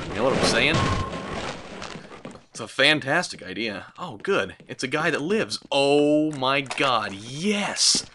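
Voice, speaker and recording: Sarcastic, excitable young man gaming. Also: medium pitch, slow, long pauses, noisy background. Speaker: let's play host. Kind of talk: gameplay commentary.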